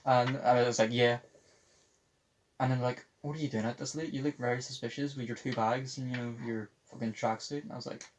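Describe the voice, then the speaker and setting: A young man with a medium-pitched, steady voice speaks a little fast as he hosts a casual podcast. He rambles through a story, swears constantly and mimics anyone he quotes, over faint background noise.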